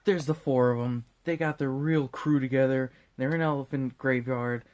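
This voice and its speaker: A man's voice: mid-range voice, steady tone, normal speed, darkish tone. A drunk man hosting a comedic movie recap in a rambling, profane, jokey way. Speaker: host.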